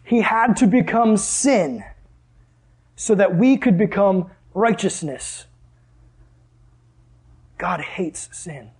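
A man preaching a sermon in a conversational way, asking the room questions and dropping to hushed tones for emphasis. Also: sits high, expressive, slow pace, long pauses, husky.

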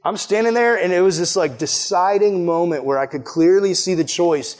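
Male preacher, high voice, casual sermon, story-driven, chatty, lots of fillers. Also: normal speed.

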